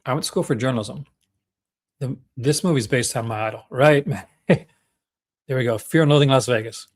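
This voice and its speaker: At a moderate pace and in a mid-range voice, a young Canadian man with a Canadian accent hosts a casual livestream. He is chatty and enthusiastic, rambling with plenty of fillers and restarts.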